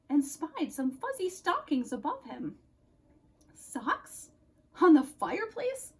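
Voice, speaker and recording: A woman reads a children's storybook aloud at an unhurried pace. Her voice is high and very lively, rising and falling with each turn of the story. She lingers on dramatic pauses. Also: poor audio. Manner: expressive, slow, dramatic pauses. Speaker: storyteller, counselor.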